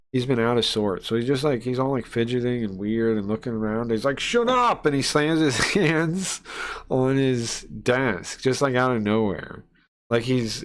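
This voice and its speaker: A man streaming a horror visual novel, reading its lines aloud and chatting casually in between, with plenty of fillers and asides. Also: medium pitch. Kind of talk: live let's-play, reading game text aloud.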